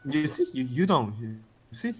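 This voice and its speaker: Blunt, excitable man casting esports. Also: medium pitch, normal speed, soft background music. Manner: blunt and teasing, excitable reactions. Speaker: esports caster. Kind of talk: casual play-by-play commentary.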